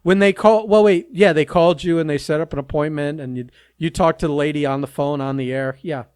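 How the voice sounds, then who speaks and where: A man with a slightly high voice chats on a casual podcast. He teases and laughs at his co-host. The recording is dry and close, with no room sound. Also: steady tone, brisk, darkish tone, clear, resonant tone, no room sound.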